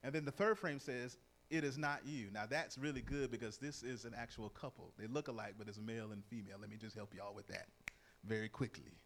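A middle-aged man preaching a sermon in a lively, conversational way, reading verses and telling stories. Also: on the low side, quick pace, slight background noise. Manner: lively, conversational, acts out quoted voices.

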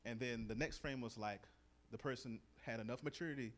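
A middle-aged man preaching a sermon in a lively, conversational way, reading verses and telling stories. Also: mid-range voice, a little fast. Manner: lively, conversational, acts out quoted voices.

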